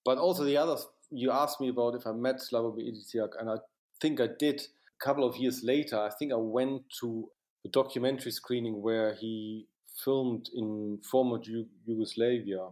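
A man's voice: medium pitch, fairly even intonation, normal speed, darkish tone. A man, a cinematographer, recalling his work in an interview, often restarting sentences and filling with "you know". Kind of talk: reflective interview recollection.

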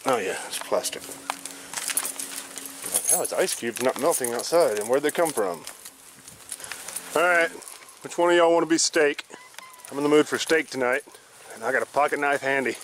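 A man's voice: medium pitch, moderate pace, pauses often, fairly bright tone, a little hiss or hum. A man ranting bluntly and profanely in a casual vlog, recorded outdoors in a rural yard. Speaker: vlogger.

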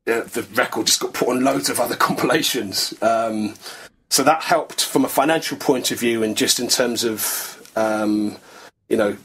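A man, a musician guest talking casually in a podcast interview, relaxed and rambling with lots of fillers. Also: medium pitch, moderate pace, slight background noise, rough recording.

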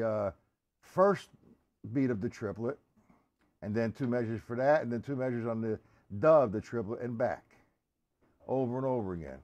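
A man giving a casual live-stream drum lesson, chatting with viewers by name and counting beats out loud. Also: mid-range voice. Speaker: drum teacher.

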